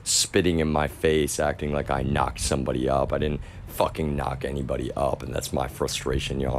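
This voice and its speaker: A man's voice: a bass voice, slight background noise. A young man streaming live, venting in an agitated, profane monologue, full of restarts and addressing his viewers as y'all. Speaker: livestreamer. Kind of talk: ranting monologue to a live chat.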